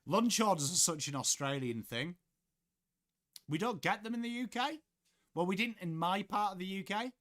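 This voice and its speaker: A man's voice: sits high, animated, normal speed, a bit bright. A young man from England, chatting casually on a live sports watchalong, reading out viewers' messages and swearing offhandedly. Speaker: livestream host.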